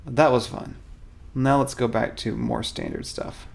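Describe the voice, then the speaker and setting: A man with a gravelly, creaky edge to his mid-pitched voice hosts a casual weekly update for a miniatures studio. He rambles cheerfully, greets viewers by name and pokes fun at himself as he shows off new models. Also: huge pitch swings, measured pace. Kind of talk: casual product showcase, chatting to live viewers.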